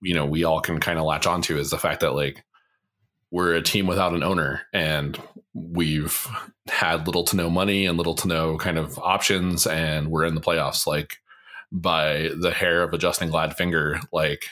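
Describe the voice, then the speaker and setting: Man, low pitch, bright forceful tone, teasing casual chat. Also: fairly even intonation, moderate pace. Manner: joking, teasing. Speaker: podcast panelist.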